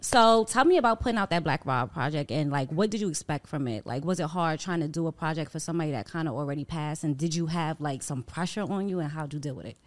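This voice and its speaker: Woman, from new york, low voice, co-host, relaxed questions. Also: fast, hardly any pauses. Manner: relaxed, asks long questions. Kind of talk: casual interview.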